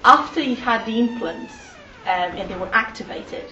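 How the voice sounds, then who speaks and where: A woman's voice: a little high, wildly swooping pitch, normal speed, sharp tone, a little hiss or hum. A woman in the audience asking a hesitant question, with many fillers. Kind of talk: question from the floor. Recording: roomy, distant, lo-fi hall audio.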